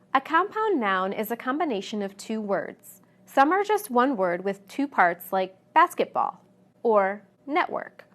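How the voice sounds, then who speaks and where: Woman teacher reading a scripted lesson; unhurried, measured, clear, a touch high-pitched. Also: fairly bright tone. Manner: clear, deliberate, stresses example words. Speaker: English pronunciation teacher. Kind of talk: slow scripted lesson narration.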